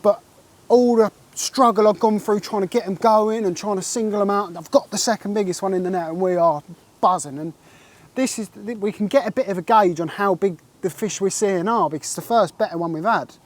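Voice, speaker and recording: A man, telling an excitable and rambling fishing story in a casual interview, full of "like" and "mate". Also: high voice, a little fast. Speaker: carp angler recounting a catch.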